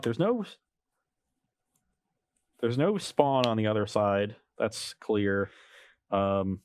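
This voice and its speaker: A man playing a card game match on a show, talking through his choices in a measured, analytical way with dry humor. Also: fairly low pitch, a little mellow, no room sound. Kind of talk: casual play-along chat.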